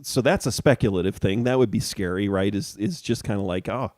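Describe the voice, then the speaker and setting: Hesitant low-voiced man co-host. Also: darkish tone, no echo, clean studio sound. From Chicago area, US. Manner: hesitant, halting, many ums and uhs. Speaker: podcast co-host. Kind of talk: casual chat.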